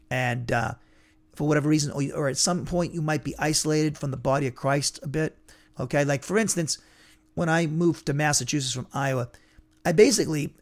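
A man leads a casual Bible lesson in a conversational, digressive way. His voice sits at an ordinary pitch with a noticeable gravelly fry. He thinks aloud as he teaches.

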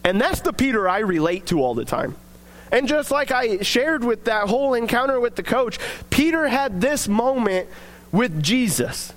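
Young guy with a really high voice doing a chatty devotional talk, lots of likes and ums. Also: very animated, normal speed. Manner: chatty, filler-heavy storytelling. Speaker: devotional speaker.

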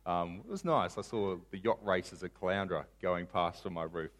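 A male pastor preaching a sermon, retelling a Bible story in casual modern terms and acting out the characters with big swings in loudness. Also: low voice, normal speed.

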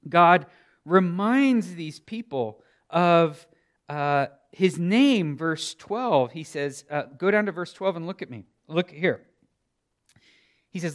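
A middle-aged man preaching a sermon as a pastor, moving from quiet storytelling to loud, emphatic preaching. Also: sits high, lively intonation, a little slow.

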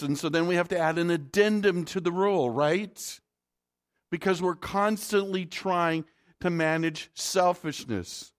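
A man's voice: high-pitched, a little slow. A male pastor preaching a sermon in a conversational way, often asking the congregation rhetorical questions.

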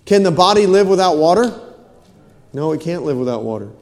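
A man's voice: a little high, lively intonation, brisk, a little mellow, in a large hall. A man preaching a sermon, asking his congregation questions and repeating phrases for emphasis. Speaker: pastor. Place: church.

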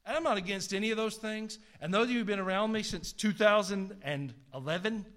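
Emphatic Southern US pastor preaching. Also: male voice, high voice, brisk, fairly bright tone. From American South. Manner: preachy and emphatic, with folksy asides. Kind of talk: sermon.

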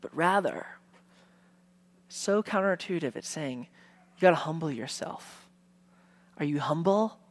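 A man preaching a sermon as a pastor, conversational with casual fillers, swinging from hushed lines to loud emphasis. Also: on the high side, lively intonation, measured pace, long pauses.

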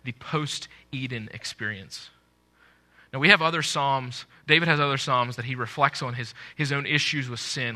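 A man preaching a sermon to a congregation, earnest, swelling loud on scripture quotes and dropping low at the ends of phrases. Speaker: pastor.

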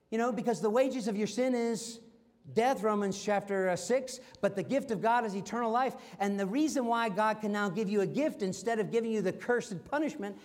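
A middle-aged pastor preaches a sermon in a high, expressive voice, swinging from loud, emphatic lines to soft, slow, hushed ones.

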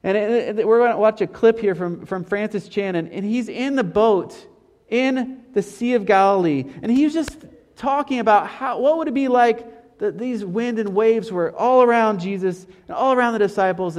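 A high-pitched male pastor speaks to his congregation in a long, ringing hall. He is earnest and slows down to repeat his main points. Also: a little mellow. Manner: earnest, repeats key phrases slowly. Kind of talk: sermon.

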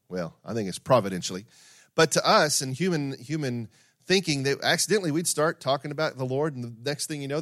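A man's voice: fairly high pitch, a bit bright, dry recording, clean studio sound. A middle-aged man preaching a sermon in a conversational way, with asides, repetition and everyday stories. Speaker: pastor.

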